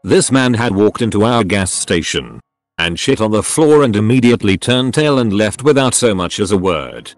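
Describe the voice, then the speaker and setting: A man's voice: lowish voice, lively intonation, normal speed, no echo. A man narrating online stories aloud in a plain storytelling delivery. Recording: dry close recording with faint background music.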